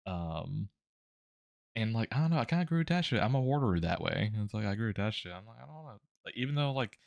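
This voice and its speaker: Low-voiced guy rambling on stream while he draws, lots of ums and laughs, dry room. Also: lively intonation, fast talker, vocal fry, dry recording. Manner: rambling, laughs often, many fillers and restarts. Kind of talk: casual chat while drawing.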